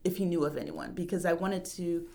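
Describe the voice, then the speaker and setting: A woman's voice: lowish voice, a little fast, warm tone. A woman who writes and produces an audio drama, chatting casually in an interview, often trailing off with fillers and laughing easily.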